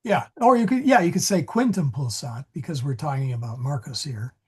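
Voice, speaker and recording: A man's voice: a little high, expressive, fairly quick. A man teaching a Latin grammar class, talking in a digressive way and often correcting himself. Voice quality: very husky. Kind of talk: classroom lesson. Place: church meeting room.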